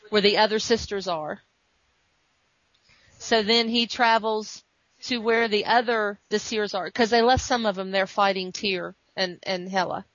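A woman's voice: medium pitch, a bit bright, no room sound. A woman podcast host in casual chat, animatedly retelling a comic story and acting out quotes. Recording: muffled dry recording.

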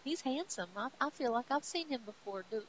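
A woman voicing a confused young woman nurse who speaks softly and hesitantly. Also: high voice, lively intonation, a little fast. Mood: dreamy. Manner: hesitant and soft. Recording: dull sound with faint hiss.

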